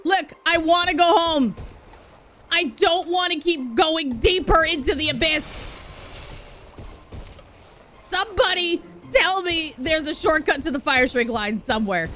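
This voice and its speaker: A woman's voice: very high-pitched, animated, unhurried, long pauses, sharp tone, slight background noise. A woman streamer talking chattily and expressively to her chat while she plays a game, swinging from gushing to grumbling. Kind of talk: live game streaming commentary. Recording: game music playing behind.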